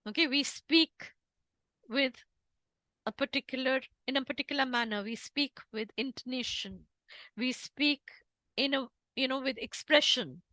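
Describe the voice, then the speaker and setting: A woman's voice: high-pitched, no room sound, rough recording. A woman with an Indian English accent giving an emphatic talk on interpreting as a guest speaker. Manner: emphatic, animated lecturing with demonstrations. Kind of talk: online talk.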